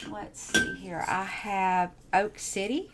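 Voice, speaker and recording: A woman's voice: medium pitch, huge pitch swings, slow pace, heavy background noise. A woman chatting casually as she shows off her handmade crafts, gushing and repeating herself. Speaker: crafting channel host. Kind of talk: casual show-and-tell crafting chat.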